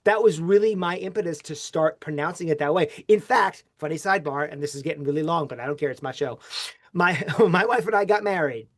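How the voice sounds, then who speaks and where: A man hosting a podcast who tells a long personal story in a casual, animated way, with his pitch swinging widely. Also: a little fast. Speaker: podcast host. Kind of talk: casual interview chat.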